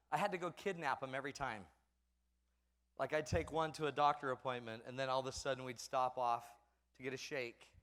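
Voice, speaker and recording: A fairly high, slightly bright male voice with a long reverb tail belongs to a middle-aged parenting speaker. In his comedic talk to an audience, he pokes fun at himself while acting out family scenes.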